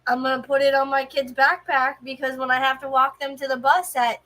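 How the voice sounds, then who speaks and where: Enthusiastic high-voiced woman on a call. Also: flat delivery, a little fast, sharp tone. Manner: enthusiastic, jokey. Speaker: co-host guest. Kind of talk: casual chat on a video call.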